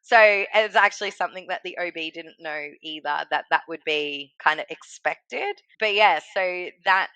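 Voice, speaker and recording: Woman, conversational storytelling, frequent laughter, crisp bright tone, close dry sound. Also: fairly low pitch, normal speed, hardly any pauses, no room sound. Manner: chatty, laughs often, acts out what people said. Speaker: guest sharing her birth story. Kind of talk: casual storytelling interview.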